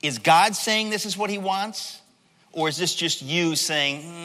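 A male pastor preaching in a church sanctuary, with a voice that is bright and a little higher than most men's. He talks in an animated, conversational way and keeps acting out the story. His voice carries a long reverb from the hall. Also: unhurried. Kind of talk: sermon.

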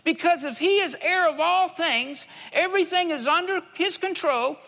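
A man's voice: very high voice, moderate pace, creaky, bright, forceful tone. A man preaching a sermon, emphatic, repeating key phrases for stress. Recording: long hall reverb.

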